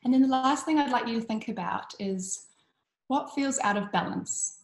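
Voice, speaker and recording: A woman's voice: on the high side, moderate pace. Chatty, tired woman health coach, talking in an echoey room, loose and rambling. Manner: chatty, with frequent ums and restarts; uses 'bloody' as an intensifier. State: tired from little sleep. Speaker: health coach giving an online talk. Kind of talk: casual presentation.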